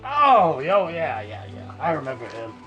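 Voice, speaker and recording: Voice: medium pitch, huge pitch swings, measured pace, a bit bright, highs cut off, faint music behind. A performer voicing a shape-shifting vulture henchman disguised as a dwarf, flippant and slangy. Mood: sly.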